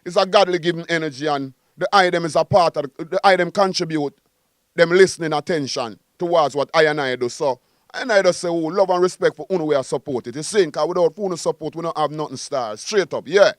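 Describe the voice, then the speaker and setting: A quick, boastful Jamaican man talking in an interview, with a fairly high, smooth voice. He sounds animated and keeps coming back to the same phrases. The sound is dry and close to the microphone. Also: dry recording. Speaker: guest musician. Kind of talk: casual interview.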